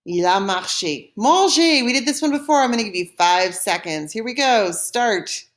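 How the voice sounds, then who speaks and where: A woman's voice: mid-range voice, animated, moderate pace. Patient woman teaching French verbs. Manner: patient, step-by-step explaining, modeling pronunciation. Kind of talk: recorded classroom lesson.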